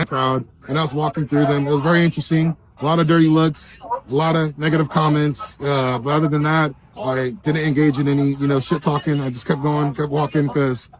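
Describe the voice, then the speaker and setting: Calm man in a street interview. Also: on the high side. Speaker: rally attendee being interviewed.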